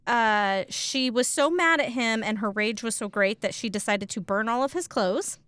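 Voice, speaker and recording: A woman's voice: on the high side, moderate pace, a bit bright, clean tone, dry recording. A woman co-hosting a casual true crime podcast, telling the story with lots of ums and likes.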